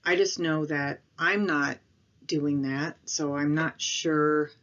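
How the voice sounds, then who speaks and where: A woman with a Midwestern accent talks casually into her camera at home. Her voice sits low, and she rambles a little, with pauses and apologies. The recording is dull and lo-fi. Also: steady tone, a bit bright. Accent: Midwestern American. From Midwestern United States. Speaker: vlogger.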